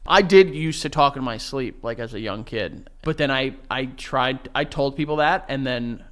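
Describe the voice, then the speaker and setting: A man in his thirties co-hosting a podcast, telling animated stories and acting out the quotes between bursts of laughter. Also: mid-range voice, moderate pace, clean tone. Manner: animated, laughing storyteller who voices quotes. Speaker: podcast co-host. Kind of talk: animated storytelling chat.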